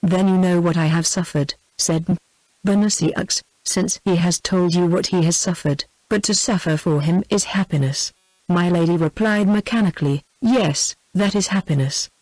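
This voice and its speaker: A text-to-speech woman's voice with a British English accent, reading a classic novel aloud in an even, synthetic way, using the same voice for every character. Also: on the low side, moderate pace, no room sound, low-quality recording. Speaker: narrator.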